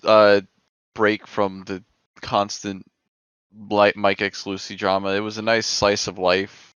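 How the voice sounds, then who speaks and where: A man's voice: on the low side, level tone, slow, a bit bright, clean tone, no room sound, lo-fi sound. A man in a casual comic chat, rambling and using internet slang. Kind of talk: casual chat about a webcomic.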